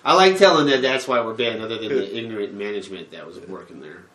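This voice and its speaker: A man's voice: lowish voice, quick pace, a bit bright. A man co-hosting a gaming podcast, crude and jokey, swearing freely. He is recorded in an echoey room with faint noise behind. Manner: crude, joking, swears a lot. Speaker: podcast co-host. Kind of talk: casual podcast chat.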